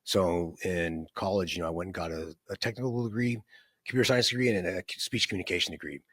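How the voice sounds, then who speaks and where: This entrepreneur guest, a man in his fifties, has a deep, a bit bright voice with a steady tone, and he talks fast. The recording is clean studio sound with no room sound. He tells his life story in a rambling, conversational way, full of fillers, restarts, and repeated "right?"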